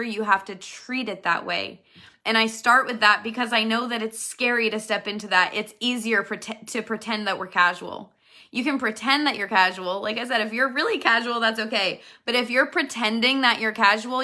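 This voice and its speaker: Repeating her main points, a woman in her thirties who leads a network marketing team speaks earnestly and emphatically to motivate her business team. Her voice is medium-pitched and sharp-toned.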